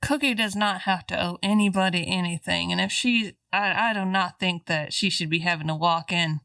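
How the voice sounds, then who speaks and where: Woman player, bright and firm, slightly off mic. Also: on the low side, moderate pace, no echo, distant mic. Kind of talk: tabletop role-play.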